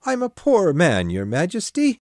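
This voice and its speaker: A woman's voice: fairly low pitch, huge pitch swings, measured pace, darkish tone, no room sound, clean studio sound. A woman reading an audiobook voices a flustered, timid man on trial who pleads nervously. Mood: pleading.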